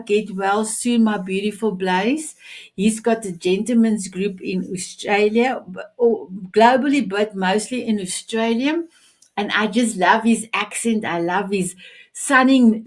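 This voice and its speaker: A woman hosting a live online talk show, effusive and rambling, just recovering from food poisoning. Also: mid-range voice. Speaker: show host.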